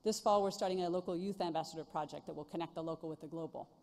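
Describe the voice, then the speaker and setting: A woman's voice: lowish voice, racing, a little mellow. A middle-aged woman giving a commencement speech from a stage, earnest and self-deprecating, speaking at a podium microphone. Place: large ceremony venue stage. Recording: reverberant hall sound.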